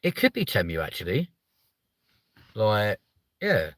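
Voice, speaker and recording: Sweary man, bright dry voice. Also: huge pitch swings, no echo. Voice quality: sweary, rambling, quick to rise in pitch when riled. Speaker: livestream host. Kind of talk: casual livestream chat.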